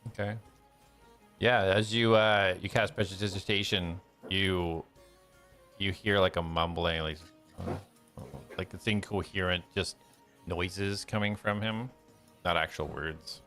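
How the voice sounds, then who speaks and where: A man narrating a tabletop game as game master, relaxed, with many ums and uhs. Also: deep voice, a little slow, soft background music.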